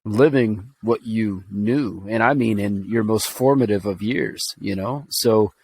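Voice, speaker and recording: A man's voice: fairly low pitch, a little slow, darkish tone, slight background noise. A man from Alabama telling a personal story on a podcast, earnest and rambling, with fillers and restarts. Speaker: podcast co-host.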